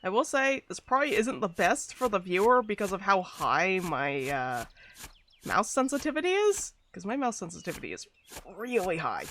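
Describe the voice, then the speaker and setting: Chatty streamer, swooping animated delivery, mid-pitched, laughs a lot, gaming chat at a desk mic. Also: moderate pace, slight background noise. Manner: chatty and rambling, laughs often. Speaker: VTuber streamer.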